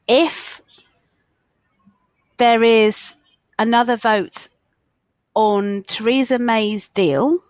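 A woman's voice: on the high side, fairly even intonation, drawn-out words, long pauses, a little mellow, dry recording. Wry woman explaining politics. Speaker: panelist. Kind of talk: political discussion.

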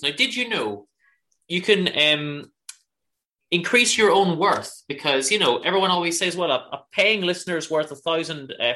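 A man co-hosting a casual podcast, talking in a chatty, upbeat way full of ums and asides. His voice sits a little high and sounds bright and forceful. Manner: chatty, upbeat, filler-heavy plugging. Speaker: podcast co-host. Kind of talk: casual chat.

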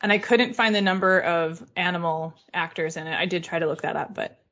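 A woman's voice: fairly low pitch, fairly quick, fairly bright tone, lo-fi sound. A woman hosting a podcast, recapping in a chatty, casual way with lots of filler words and some swearing. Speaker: podcast host.

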